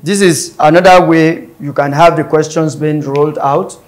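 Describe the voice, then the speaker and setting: A man's voice: fairly high pitch, steady tone, normal speed. A male tutor giving an exam-prep English lesson, explaining stress patterns step by step and repeating words and syllables aloud. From Nigeria.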